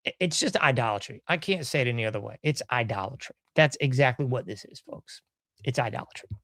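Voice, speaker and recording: A man's voice: mid-range voice, lively intonation, quick pace, a bit bright, dry recording, clean studio sound. A man hosting a podcast in casual commentary, folksy and sarcastic, often chuckling. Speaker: podcast host.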